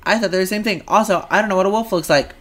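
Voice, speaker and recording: A woman co-hosting a podcast in casual chat, blunt and profane, breaking into loud laughing shouts. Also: medium pitch, rapid-fire. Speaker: podcast co-host.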